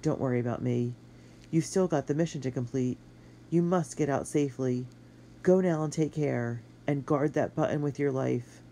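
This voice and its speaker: A wounded young spy man speaks weakly, close to a whisper, yet stays steady, as a storyteller voices him. The tone is mellow and low-key, a dying hero in a storybook reading. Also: moderate pace, natural voice. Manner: weak, whispery.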